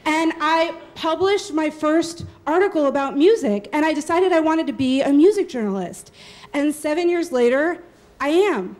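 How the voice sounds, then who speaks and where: A woman in her thirties telling a true personal story live on stage, lively and laughing, acting out the voices of the people she quotes. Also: high voice, moderate pace. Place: small live venue with audience.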